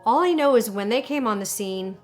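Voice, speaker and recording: A woman's voice: a little high, fairly quick, soft background music. Woman telling an emotional story. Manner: animated, emotional storytelling with many fillers. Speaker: interviewee recounting alien contact. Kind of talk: documentary interview storytelling.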